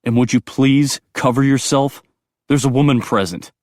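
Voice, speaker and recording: A man voicing a protective vampire warrior who sounds dry, gruff and exasperated. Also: medium pitch, steady tone, normal speed, darkish tone, dry recording, voice pushed up, natural voice. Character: wry, protective young male vampire warrior.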